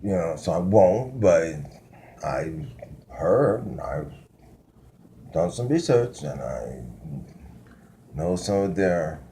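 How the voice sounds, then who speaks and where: A man's voice: low voice, very animated, slow, vocal fry, long pauses, warm tone, slight background noise. A man delivering a loose, profane spoken teaching, drifting between topics with frequent restarts. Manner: profane, conspiratorial ranting. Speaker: self-styled spiritual teacher. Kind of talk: rambling spoken monologue.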